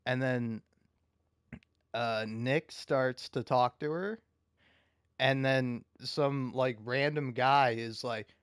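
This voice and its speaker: A man's voice: medium pitch, slow pace, long pauses, smooth, dry recording, studio quality. A man ranting in casual commentary, heated and profane, often stumbling and restarting his sentences. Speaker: video commentator.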